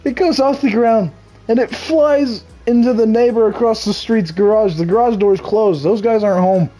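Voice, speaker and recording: A young man streaming games, telling a profane story in a casual, animated way and laughing often. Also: sits high, normal speed, faint music behind, poor audio. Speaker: game streamer.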